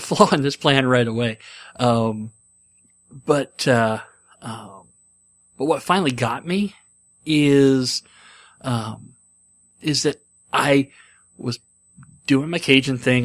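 Rambling wry man talking alone. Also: medium pitch. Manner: self-deprecating, wry, rambling with many fillers. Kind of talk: rambling casual monologue. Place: in a car.

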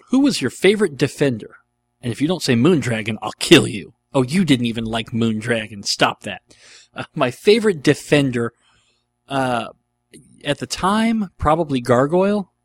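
A middle-aged man chatting casually as a show host, taking listener questions. He rambles with enthusiasm and fills his pauses with ums and uhs. His voice sits in an ordinary pitch, and the recording is close and dry. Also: big pitch swings, breathy edge, no room sound. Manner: rambling and enthusiastic, with frequent fillers. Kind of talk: casual chat.

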